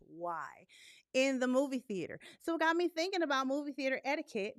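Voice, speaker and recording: A young woman hosting a live movie talk stream in casual, blunt, profane chat, animated and laughing often. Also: high voice, dry recording, clean studio sound.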